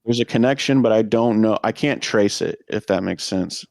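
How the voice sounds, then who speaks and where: A man's voice: lowish voice, moderate pace, creaky, darkish tone, no room sound, studio quality. A man talking through ideas on a podcast in a musing, thoughtful way, with frequent fillers. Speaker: podcast co-host. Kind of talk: casual discussion.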